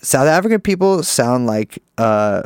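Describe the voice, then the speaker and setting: A man's voice: mid-range voice, big pitch swings, unhurried, smooth, no echo, studio quality. A man co-hosting a podcast in casual, rambling and profane chat, joking and restarting his sentences. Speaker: podcast co-host.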